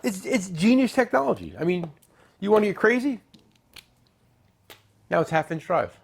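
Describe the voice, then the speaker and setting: A middle-aged man hosting a tool show, chatting casually and joking as he pitches products and tells stories. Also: very animated, moderate pace, creaky, breathy edge. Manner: joking, rambling, salesy with asides. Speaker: tool dealer and show host. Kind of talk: casual product talk and storytelling.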